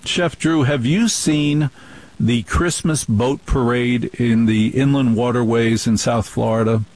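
A man's voice: mid-range voice, steady tone, measured pace, a little mellow, poor audio. A man hosting a radio interview, asking questions in an enthusiastic way. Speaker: radio host.

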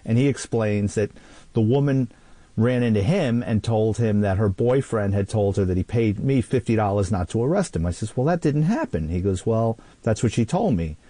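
A man who served as a police officer, telling an animated anecdote and acting out voices in the quotes. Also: lowish voice, dry recording. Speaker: retired police officer and author. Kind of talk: storytelling anecdote.

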